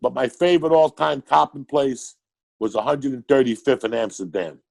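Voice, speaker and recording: With a New York accent picked up growing up in NYC after being born in Cuba, an older man guests as a comedian, telling stories in a profane, excitable podcast conversation. His gravelly voice is mid-range and keeps a normal speed.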